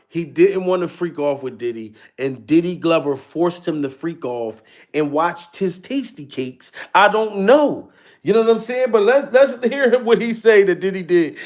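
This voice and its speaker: A man with a high voice hosts a casual livestream at a moderate pace, reading the chat and talking with viewers. He uses slangy speech and laughs a lot.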